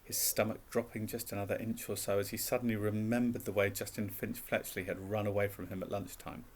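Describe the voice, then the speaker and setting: Low-voiced man reading a story. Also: level tone, a little fast, a little hiss or hum. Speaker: narrator.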